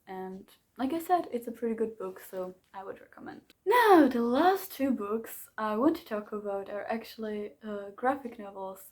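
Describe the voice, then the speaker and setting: A woman chatting casually about books she read, animated and full of fillers and little laughs. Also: mid-range voice. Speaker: book vlogger. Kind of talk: casual book review chat.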